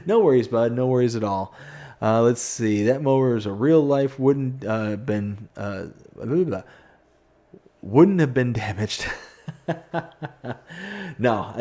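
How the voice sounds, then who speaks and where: A man with a fairly low, warm voice live-streams a farming game, chatting casually and reading viewer comments aloud. He mocks himself with sudden outbursts of frustration.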